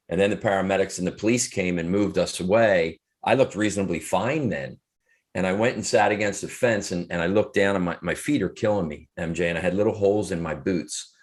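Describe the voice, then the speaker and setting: A man in his fifties, an author and speaker, earnestly telling a personal story in an interview, with frequent restarts. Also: deep voice. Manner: earnest, reflective, halting with restarts.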